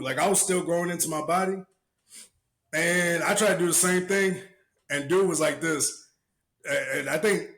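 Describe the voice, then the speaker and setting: A young man co-hosting a casual podcast, telling stories with lively, shouted quotes. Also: sits high. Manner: animated storyteller, acts out shouted quotes. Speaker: podcast co-host.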